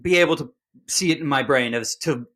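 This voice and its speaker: A man's voice: mid-range voice, brisk, a bit bright. A man playing a tabletop game, asking curious questions about the scene. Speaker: player. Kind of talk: casual tabletop play.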